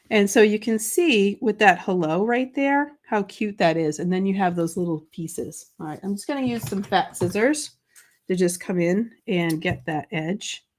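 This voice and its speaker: A chatty, bubbly woman hosting a live-streamed papercraft demo, answering viewer comments as she works and joking about herself. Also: on the low side. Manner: chatty, bubbly, self-deprecating, reads viewer comments aloud. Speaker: craft show host.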